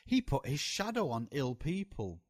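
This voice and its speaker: A man's voice: mid-range voice, sing-song, normal speed. A man reading the lines of a curious, earnest five-year-old girl in a storybook, giving plain, matter-of-fact answers.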